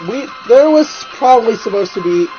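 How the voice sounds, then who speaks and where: A man with a very high, warm voice talks a little fast with lively intonation, though a stuffy nose and sore throat make him sound nasal. He's chatting casually as a video co-host, rambling with plenty of restarts and fillers. The recording is slightly dull, with faint music underneath.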